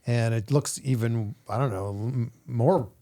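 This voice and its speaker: A man's voice: mid-range voice, measured pace, mellow. A man hosting a casual studio interview, asking short, curious follow-up questions. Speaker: interview host. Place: podcast studio.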